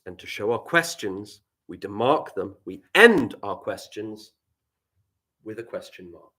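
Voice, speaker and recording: Male primary teacher, English accent, lively up-and-down pitch, playful, talking to children online. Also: a little slow. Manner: animated, playful, dropping to quiet asides. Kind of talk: live online writing lesson.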